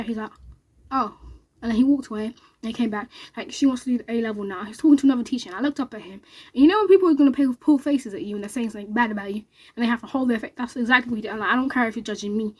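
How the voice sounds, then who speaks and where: A young woman recounts a story straight to the camera. She talks very fast and excitedly, and plays the other people's lines as she goes. Her voice is slightly high with a husky edge. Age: young adult. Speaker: vlogger.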